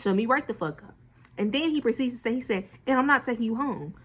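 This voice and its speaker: Animated young woman telling a story. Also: a little high, fast talker, breathy edge. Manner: animated, swears a lot, acts out quotes. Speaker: vlogger. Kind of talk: casual storytime.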